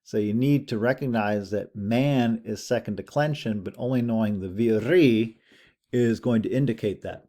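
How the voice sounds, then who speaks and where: Gravelly, relaxed male Latin teacher. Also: on the low side, normal speed. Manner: relaxed, conversational, thinks aloud with fillers. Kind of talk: recorded lecture over screen share.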